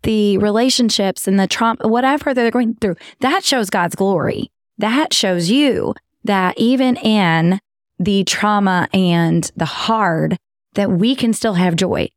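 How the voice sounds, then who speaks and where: A raspy-voiced woman from Texas with a Southern twang, co-hosting a casual faith podcast and speaking emphatically straight to listeners. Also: mid-range voice, slow, dry recording, studio quality. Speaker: podcast co-host.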